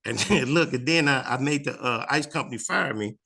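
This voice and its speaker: A comedian with a Chicago accent tells a story in an animated, lively way and keeps jumping into the voices of the people in it. His voice is gravelly, with a bright, forceful edge. He sounds like a man in his fifties, talking loosely in a sit-down interview. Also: mid-range voice, fairly quick.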